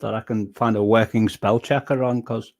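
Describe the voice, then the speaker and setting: A man's voice: fairly low pitch, fairly even intonation, moderate pace, a little mellow. A man hosting a casual livestream chat, rambling and self-deprecating, joking about himself as he goes. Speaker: livestream host.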